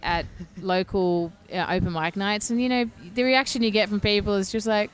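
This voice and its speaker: A woman's voice: medium pitch, steady tone, moderate pace, slight background noise. Chatty woman on a podcast, lots of like and you know. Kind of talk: casual podcast chat.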